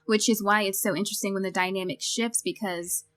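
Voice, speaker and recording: A woman's voice: medium pitch, fairly even intonation, brisk, fairly bright tone. A woman co-hosting a podcast, casually discussing a film and retelling its scenes with quoted lines. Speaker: podcast co-host.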